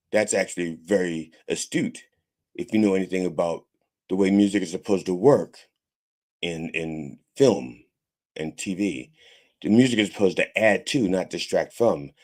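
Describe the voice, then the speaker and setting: Low-voiced profane mock-preacher host. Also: male voice, darkish tone. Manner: rambling, profane, preacher mannerisms. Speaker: host of a mock church podcast. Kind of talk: casual comedic sermon-style talk.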